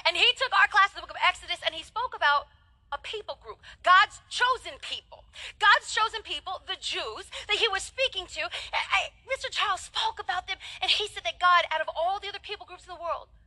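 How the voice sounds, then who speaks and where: Very high, bright-voiced woman preacher. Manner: animated, humorous storytelling with dramatic pauses. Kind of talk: sermon.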